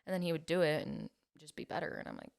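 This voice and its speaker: A woman's voice: sits low, huge pitch swings, fast, creaky. Chatty young woman telling stories. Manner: chatty storytelling, acts out quotes, laughs often. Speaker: podcast guest. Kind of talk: casual chat.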